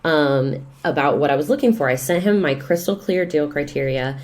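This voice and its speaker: A woman, a real estate investor and coach, talking as a podcast guest in lively, expressive storytelling. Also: deep voice, normal speed. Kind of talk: casual podcast conversation.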